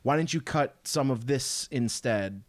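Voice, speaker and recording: A man in casual podcast chat about movies, animated and quick to mock outrage. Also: medium pitch, no echo. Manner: animated, bursts into loud mock outrage and quoted lines. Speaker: podcast co-host.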